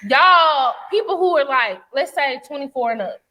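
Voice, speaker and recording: A woman's voice: high-pitched, normal speed, in a large hall. Blunt, ranting young woman. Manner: blunt, profane, animated ranting. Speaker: podcast co-host. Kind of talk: casual chat.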